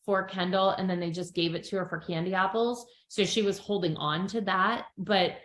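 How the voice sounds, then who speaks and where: A woman's voice: medium pitch, normal speed. A middle-aged woman co-hosting a podcast, chatting casually as she recaps a TV episode and acts out what people said. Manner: chatty storyteller, acts out quotes with animated voices. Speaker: podcast co-host. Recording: echoey room.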